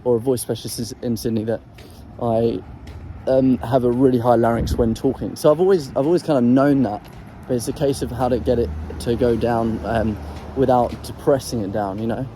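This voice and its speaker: Guy vlogging about singing, kinda rambly with lots of ums, warm low-key voice, bit of background noise. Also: steady tone, moderate pace, low-quality recording. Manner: rambling, hesitant, full of ums and restarts; demonstrates throat sounds while talking. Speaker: voice coach sharing singing tips. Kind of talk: casual explanatory vlog.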